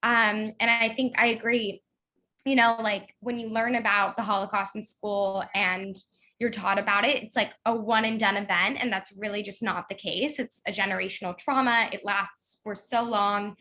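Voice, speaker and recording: A woman's voice: medium pitch, fairly even intonation, normal speed, sharp tone. A young woman talking as an interview guest in a chatty way, filling her speech with "like". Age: young adult. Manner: chatty, lots of "like". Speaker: guest, author's daughter. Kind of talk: casual interview.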